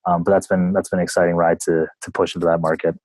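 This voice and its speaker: A Canadian man guesting on a business podcast talks casually in a lowish voice. He is relaxed and chatty and laughs easily. The sound is dry and close, with no room around it. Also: quick pace, dry recording, poor audio. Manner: relaxed and talkative, laughs easily, jokes about himself. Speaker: podcast guest, sales development manager.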